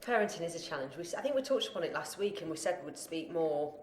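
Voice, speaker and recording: A woman's voice: sits low, lively intonation, quick pace, a little mellow, a little hiss or hum. A woman co-hosting a podcast, chatty and casual with friendly laughs. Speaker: podcast co-host, accountant. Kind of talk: casual chat. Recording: echoey room.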